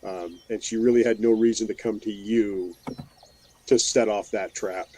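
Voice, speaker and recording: A man's voice: on the low side, fairly even intonation, moderate pace, warm tone, slight background noise. A man playing in a tabletop game, explaining his reasoning with some ums. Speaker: player. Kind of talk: tabletop roleplaying chat.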